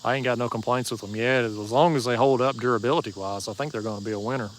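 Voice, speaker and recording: A man's voice: medium pitch, steady tone, fast talker, a little hiss or hum. A man with an East Tennessee Southern drawl hosts a casual fishing livestream outdoors at night, chatting in a laid-back, folksy, joking way as he answers viewers. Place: outdoors at a marina bank at night.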